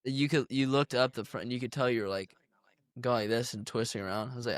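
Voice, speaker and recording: A man's voice: medium pitch, steady tone, fast, dry recording. A young man co-hosting a casual chat from his laptop over a video call, telling stories in a laid-back way, full of fillers. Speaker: co-host. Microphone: laptop mic on a video call.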